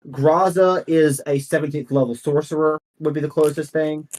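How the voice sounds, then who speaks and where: A man's voice: fairly high pitch, steady tone, moderate pace, darkish tone. A man running a tabletop game as game master, chatty and laughing.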